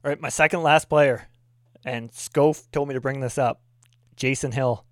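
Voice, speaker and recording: A man hosting a casual podcast chat, jumping in with quick reactions. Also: medium pitch, fairly even intonation, dry recording, studio quality. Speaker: podcast host.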